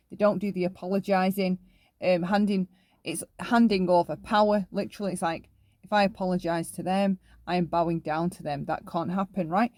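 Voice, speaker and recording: A woman with a mid-range, darkish voice hosts an opinion commentary. She argues emphatically, tacking "right?" onto her points again and again.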